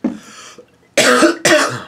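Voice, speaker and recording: A man with a bad cough casually recapping a manga chapter, halting and restarting his sentences often. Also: pushed and bright. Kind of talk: casual read-through commentary.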